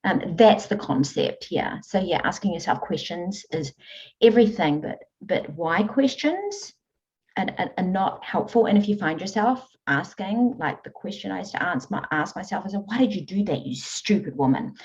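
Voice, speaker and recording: A woman coach telling stories in an interview, earnest and animated. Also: medium pitch, moderate pace. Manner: earnest, animated storytelling with frequent laughs. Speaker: guest, emotional eating coach. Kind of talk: conversational interview. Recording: dull lo-fi audio.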